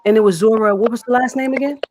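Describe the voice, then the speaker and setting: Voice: medium pitch, steady tone, racing, a little mellow. Laid-back open mic host. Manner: laid-back, repeats words like "indeed" and "dope". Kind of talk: casual chat.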